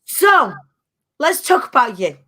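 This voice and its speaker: Casting: woman host, chatty and bubbly, slightly high voice. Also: big pitch swings, slow pace, pushed and bright. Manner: chatty, bubbly, laughs often. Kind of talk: casual chat.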